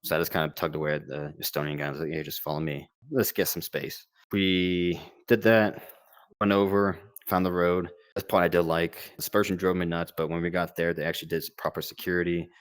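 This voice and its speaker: A young man with a low, deep voice tells his story in a relaxed, rambling way, full of "like" and acted-out dialogue. The sound is dry and close, with no room around it. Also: a little fast, smooth, no room sound. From United States. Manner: laid-back, rambling, lots of fillers and quoted dialogue. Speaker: former Marine combat medic recounting war experience. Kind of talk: casual storytelling interview.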